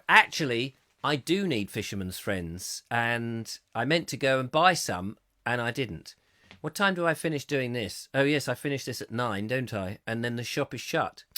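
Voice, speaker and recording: A man hosting a live chat show, reading out viewer comments with jokey, mock-indignant asides, his throat going a little hoarse. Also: medium pitch, a bit bright, no echo, clean studio sound. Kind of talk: casual ranty live-stream chat.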